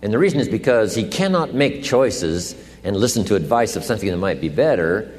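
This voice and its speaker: Lively low-voiced man in a reverberant hall. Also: a little fast, soft background music. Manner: explanatory, asks and answers his own questions. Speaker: motivational speaker. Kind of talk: lecture-style speech.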